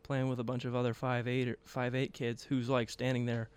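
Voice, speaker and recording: A man co-hosting a casual sports podcast, agreeable and quick to chuckle, asking thoughtful follow-up questions. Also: medium pitch, completely flat delivery, a little hiss or hum. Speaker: podcast co-host.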